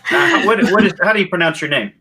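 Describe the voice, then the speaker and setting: A man co-hosting a casual chat show, talking hesitantly with many pauses and ums. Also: high voice, huge pitch swings, sharp tone, a little hiss or hum. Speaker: co-host.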